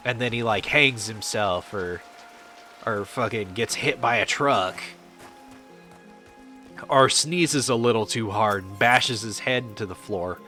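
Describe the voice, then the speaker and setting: A man streaming a game, talking casually to his chat in a low-ish but bright, forceful voice. He rambles and swears freely. Faint game music plays behind him. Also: slow. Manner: rambling, profane, answers chat.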